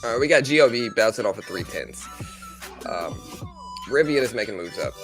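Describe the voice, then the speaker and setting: A man's voice: medium pitch, expressive, normal speed, music in the background. A man hosting a live trading stream, talking through stock moves and chatting casually with viewers. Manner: casual, talks straight to chat viewers. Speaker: livestream trading host. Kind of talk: live stock market commentary.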